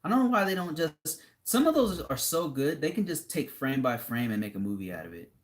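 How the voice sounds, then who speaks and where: A man's voice: a little high, big pitch swings, a little fast. A young man streaming live, reading viewer comments aloud and chatting casually in a laid-back, rambling way with frequent laughs.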